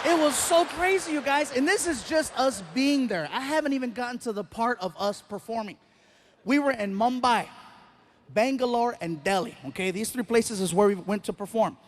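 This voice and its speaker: High-voiced man doing animated stand-up. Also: moderate pace, a little hiss or hum. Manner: animated, acts out voices and shouts. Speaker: stand-up comedian. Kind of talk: stand-up storytelling. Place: live stage before an audience.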